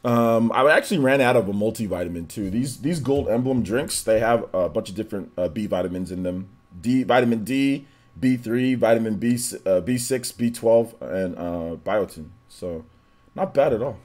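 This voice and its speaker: A man streaming a game, chatting casually and giving shout-outs to viewers, his voice a little worn and still recovering. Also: on the low side, lively intonation, moderate pace. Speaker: gaming streamer. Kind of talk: live stream chat, greeting viewers.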